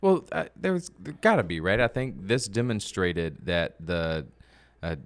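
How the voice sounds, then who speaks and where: A man's voice: sits low, a little slow. A man from North Carolina co-hosting a casual political podcast, making his points steadily and checking in with "right?". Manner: steady, builds points with "right?" and "you know". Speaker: podcast co-host.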